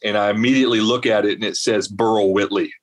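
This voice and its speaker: A man's voice: fairly low pitch, fast talker. A man from South Carolina, a guest in an interview, telling a long story with lots of fillers and asides. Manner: rambling, animated storyteller with many fillers. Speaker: veterans advocate guest.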